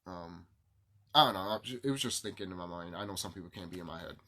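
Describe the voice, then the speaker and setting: A man's voice: low voice, fast, sharp tone. A man vlogging to camera in a rambling, profane monologue, repeating himself and ranting, his sinuses stuffed up.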